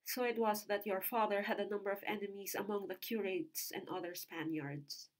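A woman's voice: mid-range voice, fairly even intonation, moderate pace, close to an everyday voice, poor audio. Woman voicing an old soldier, blunt, grave, matter-of-fact, compassionate.

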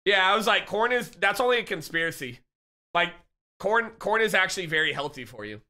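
A young man live-streaming, chatting casually and excitedly with his viewers and reading their messages aloud. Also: high-pitched, fairly quick. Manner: hyped, laughing, reads chat aloud.

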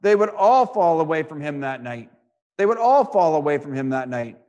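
A male preacher giving a sermon, reading scripture aloud and expounding it with rhetorical questions and repeated phrases, swinging between loud and hushed delivery. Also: a little high, lively intonation, normal speed, muffled recording.

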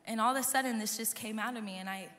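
Hoarse woman testifying in a big hall. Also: on the high side, fast. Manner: earnest, storytelling, talks to the crowd. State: hoarse, losing her voice. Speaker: worship leader giving a testimony. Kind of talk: personal testimony to a live audience. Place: large conference hall. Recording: live hall reverb with soft music.

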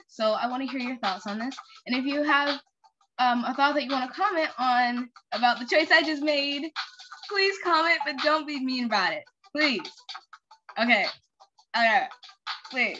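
A woman's voice: fairly high pitch, normal speed, over music. A young woman chatting casually over a story game, rambling with many fillers. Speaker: game playthrough host. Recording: lo-fi muffled recording.

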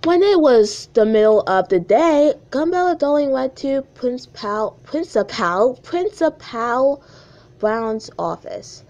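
A woman's voice: sits high, very animated, slow pace, a little mellow. A woman casually reading her own childhood story aloud, breaking off for chatty, self-mocking asides.

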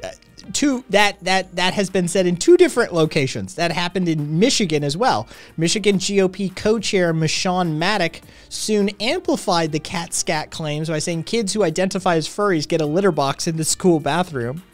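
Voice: medium pitch, expressive, moderate pace, faint music behind. A livestream host reading news headlines aloud in a casual, profane, unscripted way.

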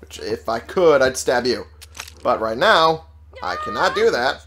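A man's voice: medium pitch, very animated, a little slow, pushed and bright, a little hiss or hum. A man giving casual gameplay commentary, sarcastic and profane, talking back to the game's characters. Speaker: let's play gamer.

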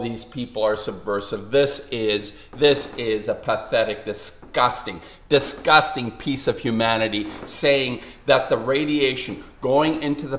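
A man's voice: medium pitch, fairly bright tone. A man delivering an angry, profane, rambling rant as a video blogger and artist. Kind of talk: angry ranting commentary. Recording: roomy room echo, faint hiss.

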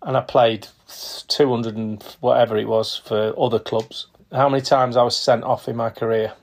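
A man in his fifties spinning casual stories as a podcast guest. He talks at a middling pitch for a man and slips into other people's voices as he recounts old moments, with ready laughs between. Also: moderate pace, gravelly. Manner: lively storyteller who acts out quotes and laughs often. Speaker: podcast guest, retired footballer. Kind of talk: casual anecdotal storytelling.

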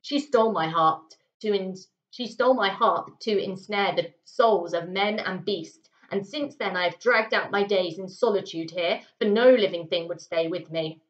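A woman reading aloud, voicing a huge, lonely male giant who is gentle and sad, in a slow, solemn way. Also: mid-range voice, lightly acted. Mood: sorrowful. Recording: roomy, slightly muffled home recording.

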